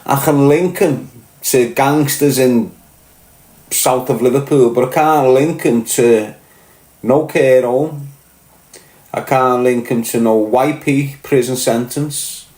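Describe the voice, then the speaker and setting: A man with a Scouse accent holds forth in a casual podcast monologue, blunt and full of swearing, checking again and again that his listeners follow him. His voice sits at an ordinary pitch, and the room around him rings with a noticeable echo. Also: takes it slowly, a little mellow. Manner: blunt, swearing, keeps asking "do you get what I'm saying". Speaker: podcast host.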